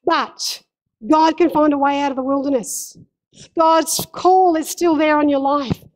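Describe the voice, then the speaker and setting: A woman's voice: extremely high pitch, poor audio. A woman pastor preaching a sermon in a church, impassioned and emphatic, repeating key phrases. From Australia.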